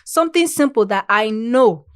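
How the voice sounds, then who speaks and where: A woman's voice: on the high side, lively intonation, normal speed, clear, resonant tone, no room sound, clean studio sound. A woman co-hosting a casual faith podcast, talking reflectively and often restarting her sentences. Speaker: podcast co-host.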